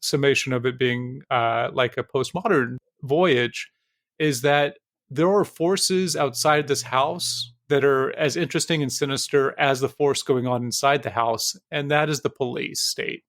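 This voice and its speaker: A man's voice: mid-range voice, unhurried, fairly bright tone, no room sound, clean studio sound. Man musing through a film chat. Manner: thoughtful, rambling with many fillers. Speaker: podcast co-host. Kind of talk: casual film discussion.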